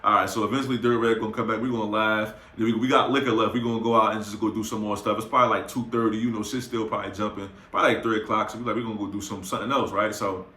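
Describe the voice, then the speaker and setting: A young man telling a wild night-out story in a bright, forceful voice, slipping into quoted lines with plenty of swagger. His speech is loose and full of slang. The recording carries a noticeable roomy echo. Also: on the low side, racing, few pauses. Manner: animated, slangy, acts out quotes. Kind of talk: casual storytime anecdote.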